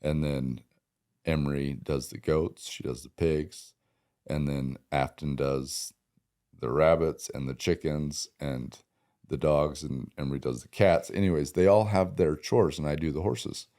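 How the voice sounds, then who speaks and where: A man's voice: very deep voice, steady tone, a little slow, mellow. A man speaking as a podcast guest in casual conversation, plainspoken, giving many short agreeing replies.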